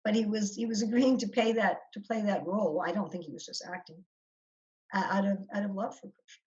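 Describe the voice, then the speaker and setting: A woman's voice: mid-range voice, steady tone, fairly quick, darkish tone. Woman, spiritual teacher leading a discussion; reflective, restarts phrases; slightly muffled video call sound. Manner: thoughtful, repeats and restarts phrases.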